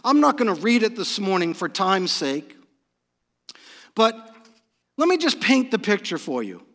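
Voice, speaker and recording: A pastor from New England preaching a morning sermon, retelling scripture as an animated story. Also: male voice, sits high, unhurried, big-room sound.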